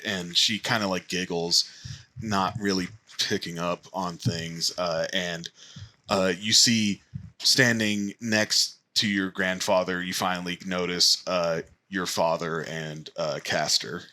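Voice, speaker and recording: A man narrating as game master of a tabletop game, speaking haltingly with many fillers. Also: sits low, fairly even intonation, sharp tone.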